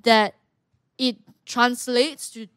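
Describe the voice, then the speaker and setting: A woman's voice: a little high, fairly even intonation, extremely slow, fairly bright tone, clear, resonant tone, dry recording, clean studio sound. A young woman, earnestly talking as a podcast guest, often restarting her sentences. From Malaysia. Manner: earnest, talkative, with frequent restarts. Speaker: guest, martial arts fighter. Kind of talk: casual podcast conversation.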